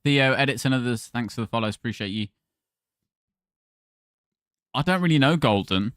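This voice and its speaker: A man's voice: mid-range voice, animated, normal speed, a bit bright, clean tone, no echo, clean studio sound. A man hosting a gaming livestream, chatting casually and thanking viewers by name.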